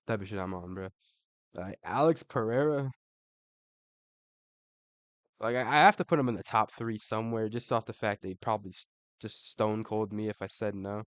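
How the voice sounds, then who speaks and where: A man's voice: lowish voice, normal speed, pauses often, no room sound. A man giving casual, slangy commentary as a YouTuber ranking fighters, laid-back and saying "bro" a lot.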